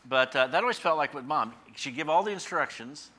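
A man's voice: mid-range voice, fast talker, few pauses, sharp tone. A man preaching a sermon, conversational and folksy, with fillers and homely stories. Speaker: pastor.

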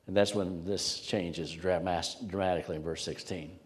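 A man preaching a sermon, earnest, swinging from loud emphasis down to near whispers. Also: sits low, steady tone, normal speed. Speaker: pastor. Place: church sanctuary. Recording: long hall reverb.

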